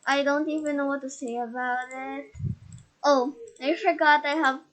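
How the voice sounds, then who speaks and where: A woman's voice: high voice, fairly even intonation, normal speed, a bit bright. A shy, nervous woman hosting a casual game house tour. She stutters and restarts often, her voice muffled by a face mask as she records on a laptop.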